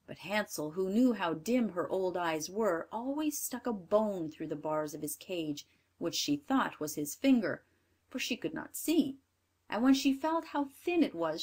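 A woman reads a fairy tale aloud in a clear, measured storybook voice. Her pitch sits in an ordinary middle range. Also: a little mellow. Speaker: narrator. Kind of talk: scripted storybook narration.

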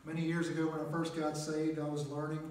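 A middle-aged man telling a testimony from the pulpit of a small chapel, plainspoken and full of filler words. His voice sits a little high for a man. It is picked up from some distance and rings through the room. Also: completely flat delivery, fast talker, darkish tone, slight background noise. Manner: plainspoken storyteller, many "uh" and "make a long story short". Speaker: preacher. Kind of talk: testimony sermon. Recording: echoey chapel, mic at a distance.

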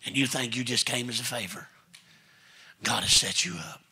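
Man, preacher, sermon, folksy storytelling, raspy, very bright. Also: mid-range voice, moderate pace. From Texas. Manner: folksy storytelling preacher, quotes family members. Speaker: pastor. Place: church sanctuary.

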